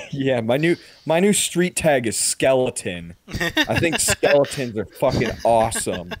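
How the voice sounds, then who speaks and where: Unhurried yet very animated, this man speaks at a medium pitch while co-hosting a podcast over a video call. The chat is loose and rambling, full of swearing, and a slight hiss or hum runs underneath.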